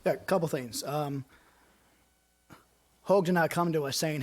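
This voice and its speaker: A man on a city council giving earnest remarks at a public meeting, halting and restarting as he argues. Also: a little high, fairly even intonation.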